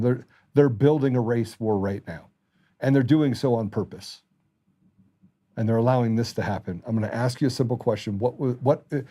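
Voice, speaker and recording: Middle-aged male host, mellow dark tone, furious impassioned monologue. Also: medium pitch, husky. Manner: angry, impassioned ranting. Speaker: talk show host. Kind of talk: political commentary monologue.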